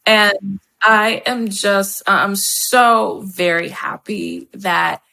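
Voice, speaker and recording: A woman guest chats on a podcast with a bright, sharp-edged voice. She is effusive and animated, and breaks into laughter often. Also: mid-range voice, takes it slowly, vocal fry. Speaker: podcast guest, wedding professional and speaker. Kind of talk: casual podcast conversation.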